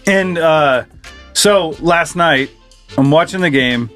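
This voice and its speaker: A man in his forties telling a story in a casual podcast chat, profane and excitable, breaking into shouted reenactments. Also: a little high, slow pace, soft background music. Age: 40s. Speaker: podcast co-host.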